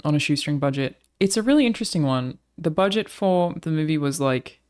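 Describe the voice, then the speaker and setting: A woman's voice: low-pitched, lively intonation, fairly quick, darkish tone, clean tone. An Australian woman streamer chatting casually with her live audience, swearing freely as she talks.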